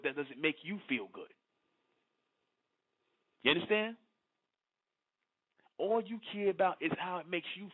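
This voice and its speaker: A man talks at his listeners in a long, preachy monologue. He pushes his points hard and keeps asking if they understand. His voice sits high and comes through thin and tinny, like a phone line. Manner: confrontational, repeats "you understand?". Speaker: online speaker addressing followers. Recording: phone-like lo-fi audio.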